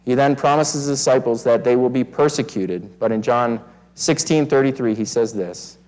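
A pastor delivers an expository sermon in a medium-pitched, darkish male voice at normal speed, and the audio quality is poor. He speaks earnestly, often repeating words as he restarts his phrases.

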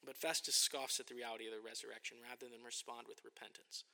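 A man's voice: mid-range voice, level tone, fast talker, vocal fry, sharp tone. A man preaching a sermon as a pastor, earnest and emphatic, often asking rhetorical questions, in a church sanctuary. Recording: long reverb of a large hall.

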